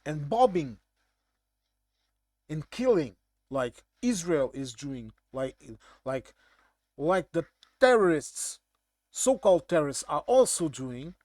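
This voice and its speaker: A man's voice: on the high side, very animated, takes it slowly, long pauses, a little mellow, dry recording, studio quality. A man with a Portuguese accent, native in Portuguese, giving a casual, blunt and irritated monologue commentary.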